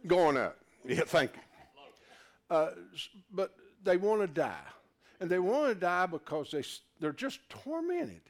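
Lively preacher with a swinging voice. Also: male voice, sits high, measured pace. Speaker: preacher teaching a congregation. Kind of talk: sermon.

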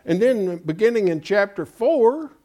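A man's voice: high-pitched, sing-song, unhurried, a little mellow. A pastor preaching in an emphatic, folksy way, asking his congregation rhetorical questions. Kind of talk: sermon.

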